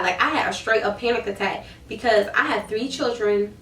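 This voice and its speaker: A woman in her thirties telling a story to camera in a casual, animated way, acting out her own reactions. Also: a little high, moderate pace, hardly any pauses, a little hiss or hum. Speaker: hair seller vlogger. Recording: roomy, mic at a distance.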